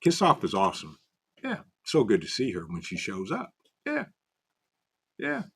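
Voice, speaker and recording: Animated man hosting a chat stream. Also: lowish voice, moderate pace, slightly rough. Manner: greets chat viewers by name, animated and loose. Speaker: livestream host. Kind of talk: casual livestream chat reading comments.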